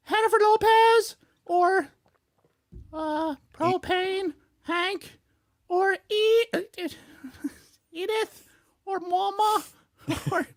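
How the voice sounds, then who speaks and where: Super high-pitched lady clowning through a merch plug, giggly and silly, dead dry mic. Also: no room sound. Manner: silly, giggly, hamming it up in a put-on voice. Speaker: podcast co-host. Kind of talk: goofy sponsor read on a fan podcast.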